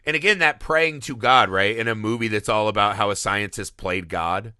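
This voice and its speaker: A man co-hosting a casual podcast chat, animated and swearing freely as he acts out scenes. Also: on the low side, normal speed, smooth, dry recording, clean studio sound. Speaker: podcast co-host.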